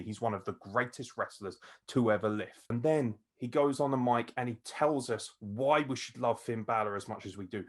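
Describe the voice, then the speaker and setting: A man hosting a casual wrestling review, excitable, swearing freely and laughing often. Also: mid-range voice. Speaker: podcast host.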